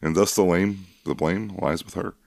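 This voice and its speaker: A man with a very low voice trades deadpan, wry remarks in casual podcast chat. The recording is dry and close, with no room sound. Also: moderate pace, vocal fry, no echo. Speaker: podcast co-host.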